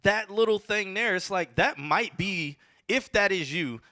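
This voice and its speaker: A man co-hosting a show, reviewing submitted songs with blunt, animated critique that often trails off mid-sentence. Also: high voice, measured pace, dry recording, clean studio sound. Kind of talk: casual music review chat.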